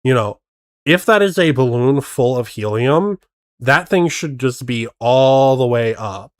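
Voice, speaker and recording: A man chats slowly and skeptically as he reacts to a video on stream, working out how each trick was done. His voice is close and dry, with no room sound around it. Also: mid-range voice, lively intonation, no room sound. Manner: skeptical, picks apart tricks. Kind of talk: casual reaction commentary.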